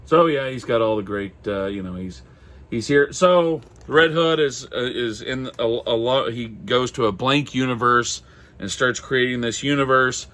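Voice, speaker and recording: A man from Minnesota chatting casually on his own about comics, halting and apologetic with lots of fillers, his throat going dry. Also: mid-range voice, fairly bright tone. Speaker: comic collector vlogger. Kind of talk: casual solo chat.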